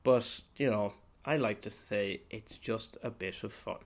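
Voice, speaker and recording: A man, hosting a podcast and delivering a rambling comic monologue in character as a priest, swearing and breaking into sudden loud outbursts. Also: lowish voice, unhurried. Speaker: podcast host.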